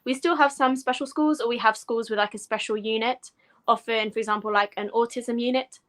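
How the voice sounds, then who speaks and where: A woman's voice: a little high, fairly even intonation, fairly bright tone. English woman explaining at an easy pace. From England. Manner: measured and explanatory, with frequent fillers. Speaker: guest, education professor. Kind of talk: casual podcast interview.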